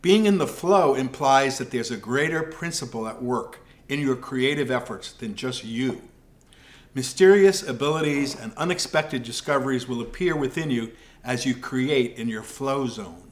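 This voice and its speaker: Calm man teaching jazz piano. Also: mid-range voice. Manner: calm, measured explaining with scat syllables and counting. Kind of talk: music lesson explanation.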